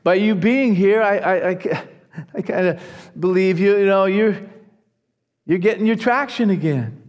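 A man preaching a sermon to his congregation, earnest and animated, often restarting his phrases. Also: high-pitched, a little slow, in a large hall, highs cut off. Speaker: pastor.

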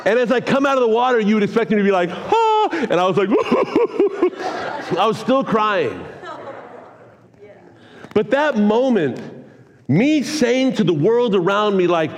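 A man in his forties preaching a sermon, telling a personal story with energetic, earnest, excitable delivery. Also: high-pitched, moderate pace, long pauses, dull audio. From California. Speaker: pastor. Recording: long hall reverb.

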